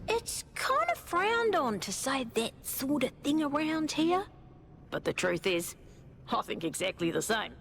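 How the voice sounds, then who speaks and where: An actress voicing a sly, conspiratorial female robot citizen with an Australian accent, confiding and lively, in a video game. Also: high voice, unhurried, gravelly, slight background noise, heavily acted. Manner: lively, confiding, drops to a whisper.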